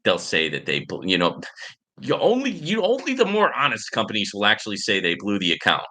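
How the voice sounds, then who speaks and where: Bright-voiced man rambling to viewers. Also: on the low side, wildly swooping pitch, a little fast. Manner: rambling, many fillers and "right?" tags. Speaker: livestream host. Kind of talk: casual chat answering viewer comments.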